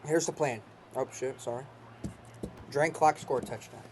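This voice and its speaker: A young man streams himself playing a football game, talking loosely to his viewers and a friend. He jokes, curses, and breaks into loud excited outbursts at big plays. A faint hiss runs under the recording. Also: mid-range voice, unhurried. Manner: joking, swearing, excitable outbursts. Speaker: gaming channel host. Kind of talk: casual gameplay commentary.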